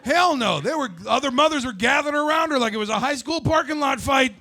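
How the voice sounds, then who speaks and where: A man in his forties doing a stand-up comedy set, brash and loud with crude storytelling. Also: very high-pitched, lively intonation, fast. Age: 40s.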